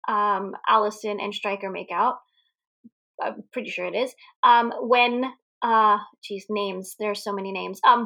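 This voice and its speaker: A young woman with a bright, forceful, fairly high voice co-hosts a laid-back movie recap chat. She jumps into animated tangents, laughs often and swears without a second thought. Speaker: podcast co-host.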